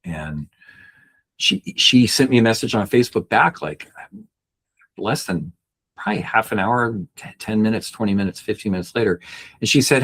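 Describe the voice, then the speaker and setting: Low, husky man telling a rambling story. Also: expressive, moderate pace, a bit bright. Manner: rambling, with many restarts and fillers. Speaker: backpacking guide and coach. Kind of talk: personal storytelling on a podcast.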